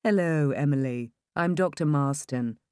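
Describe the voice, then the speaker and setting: Calm male doctor, lowered pitch, measured and firm, read by a woman, dry sound. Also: clean tone, no echo.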